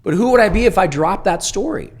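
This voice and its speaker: A man's voice: high voice, lively intonation, brisk. A man telling his life story as an interview guest, blunt and heavily profane with emphatic swings. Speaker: guest, entrepreneur.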